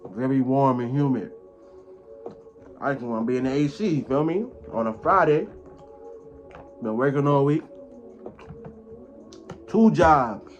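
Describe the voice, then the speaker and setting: A man's voice: medium pitch, highs cut off. A young man talking casually to camera as he eats a meal, with loose slangy banter and food in his mouth at times. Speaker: mukbang vlogger. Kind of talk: casual talk to camera while eating.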